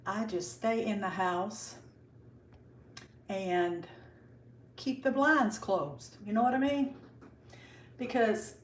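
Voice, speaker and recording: A woman's voice: medium pitch, roomy sound, distant mic, a little hiss or hum. An older woman chatting casually with viewers on a livestream from her kitchen, greeting them by name, a bit out of breath. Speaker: livestream host. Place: kitchen at home.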